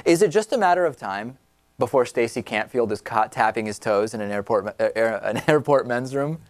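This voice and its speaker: A male talk show host riffs on the news with sarcasm and disbelief, his pitch jumping up when he is outraged. He speaks at an ordinary middle pitch into a close studio mic, and the sound is dry. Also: lively intonation, brisk, dry recording. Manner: sarcastic, incredulous, laughs at the news. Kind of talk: political talk show commentary.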